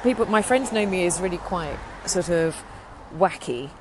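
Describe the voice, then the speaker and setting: A woman's voice: on the low side, animated, normal speed. Chatty, rambling woman, noisy background. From England. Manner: chatty, rambling with frequent restarts. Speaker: podcast host. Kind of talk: casual chat.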